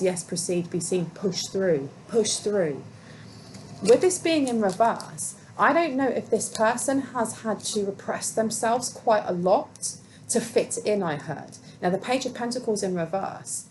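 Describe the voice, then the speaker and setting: A woman's voice: medium pitch, a little mellow, slight background noise, low-quality recording. A woman giving a solo tarot reading, musing aloud and questioning the cards as she goes. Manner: musing, talks to herself and the cards. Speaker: tarot reader.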